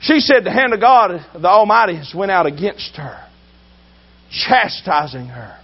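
A man preaching a sermon with emphasis, swinging between loud drawn-out shouts and low asides. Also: slightly rough, dull audio.

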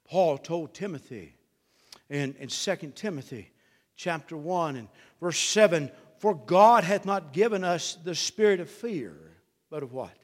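A middle-aged man preaching a sermon, dropping to a hush and climbing to shouts in a folksy drawl. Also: a little high, expressive, unhurried, long reverb tail. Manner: swings from hushed to shouting, drawling folksy delivery. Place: church.

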